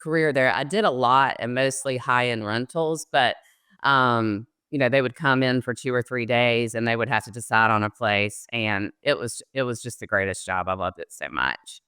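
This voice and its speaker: A woman's voice: a bass voice, moderate pace, fairly bright tone, clean tone, no echo, studio quality. A middle-aged woman with a Southern American accent, telling her career story as an interview guest with plenty of ums. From Southern United States. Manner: chatty storyteller, frequent ums, laughs easily. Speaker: guest, loan officer. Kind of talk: conversational interview.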